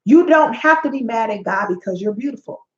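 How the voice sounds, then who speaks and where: Her voice a little high, animated and fairly quick, a woman in her forties preaches motivation as a life coach and host. She's sassy, tells lots of stories and acts out the quotes in them, all captured in an echoey, dull-sounding room.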